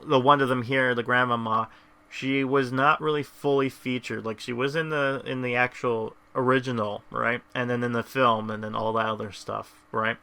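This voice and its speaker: A man's voice: mid-range voice, level tone, normal speed, vocal fry, pushed and bright, smooth. A man hosting a casual gameplay video, rambling through his commentary with many restarts. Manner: rambling, lots of fillers and restarts. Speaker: gameplay host.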